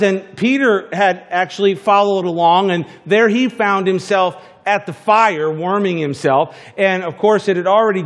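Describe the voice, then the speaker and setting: A man preaching a conversational sermon, chatty and full of restarts and asides. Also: high voice. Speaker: pastor.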